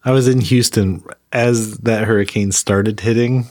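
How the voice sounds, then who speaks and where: A man's voice: lowish voice, steady tone, unhurried, a little mellow. Laughing man telling a story. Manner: storytelling, laughs often, many restarts. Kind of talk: casual chat.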